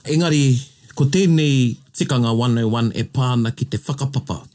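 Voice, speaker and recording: A man from New Zealand with a New Zealand accent, co-hosting a casual bilingual chat in a playful, animated way. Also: mid-range voice, fairly quick. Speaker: co-host.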